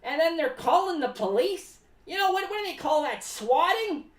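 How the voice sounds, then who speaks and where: Zany clown, played by a woman, high and bouncy, rambles about himself in the third person, roomy sound. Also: animated, moderate pace, recorded from a distance. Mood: rambling. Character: rambling eccentric clown, paranoid about cats. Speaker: streamer in clown character. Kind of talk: live-stream clown character monologue. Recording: echoey room, voice away from the mic.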